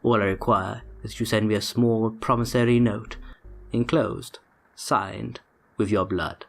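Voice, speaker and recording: A man's voice: on the low side, steady tone, faint music behind. Man doing a whispering sinister old occultist. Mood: menacing. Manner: slow, breathy, whispering menace.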